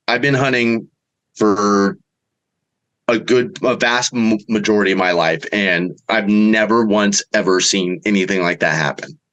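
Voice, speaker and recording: A middle-aged man, a bowhunter guest, telling a story in a casual way and acting out the quotes with big jumps in pitch. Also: fairly bright tone, low-quality recording.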